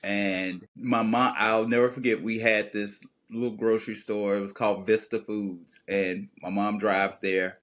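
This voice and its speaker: A man guest on a podcast, telling childhood stories in a casual, heartfelt conversation, reflective and animated by turns. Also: on the low side, a little slow, few pauses, muffled recording. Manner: storytelling, reflective, animated when recalling childhood.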